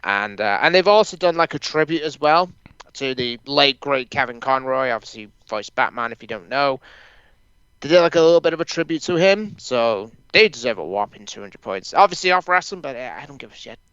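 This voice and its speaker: A man's voice: mid-range voice, animated, fairly quick, fairly bright tone, clear, resonant tone, no echo, muffled recording. A man co-hosting a wrestling podcast in loose, casual chat, laughing and swearing freely. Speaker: podcast co-host.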